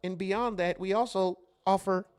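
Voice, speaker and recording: A man's voice: high-pitched, steady tone, normal speed, smooth, natural voice. A man playing an overly polite corporate phone agent who talks stiffly and fumbles his figures. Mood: prim, businesslike. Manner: stiff, formal, fumbling with numbers.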